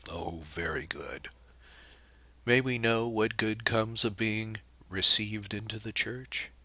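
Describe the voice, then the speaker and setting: A man reading the part of a poised young woman who speaks lightly, with a gentle mocking edge. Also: lowish voice, slow pace, dry recording, pitched above the performer's own voice, exaggerated voice. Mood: cool, mocking.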